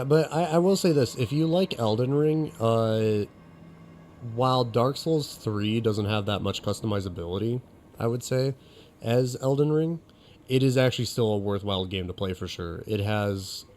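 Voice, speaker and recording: A man's voice: mid-range voice, a little mellow. A young man streaming gameplay and chatting casually, rambling while he answers chat, his voice getting a little crackly.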